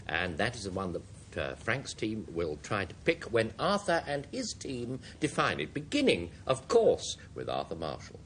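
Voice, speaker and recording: A man hosting a panel word game, with measured, drawn-out phrasing. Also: fairly low pitch. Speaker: quiz show host. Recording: studio audience and hiss behind. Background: studio audience.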